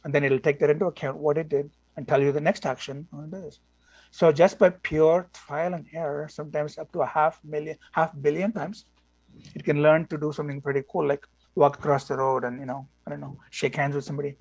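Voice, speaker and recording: Man, lecturer, gravelly voice, slightly high, blunt and opinionated, dry close sound. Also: fairly even intonation, fairly quick, darkish tone, no room sound. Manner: blunt, opinionated, talks with many fillers. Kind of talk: classroom lecture.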